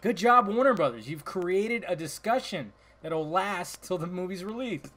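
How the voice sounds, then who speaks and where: A man hosting a casual solo podcast, talking bluntly and excitably, swearing freely and swinging between loud outbursts and mumbled asides. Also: high voice, moderate pace. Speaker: podcast host.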